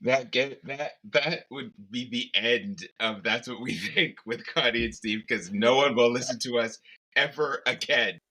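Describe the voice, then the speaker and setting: A man co-hosting a casual podcast chat, playful and quick to laugh. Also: medium pitch, rough recording. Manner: laughs often, animated and playful. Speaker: podcast co-host.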